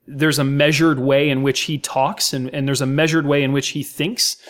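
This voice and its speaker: An American man, a guest on a podcast, talking about a film with emphatic enthusiasm and many fillers. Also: a little high. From United States. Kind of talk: casual film discussion.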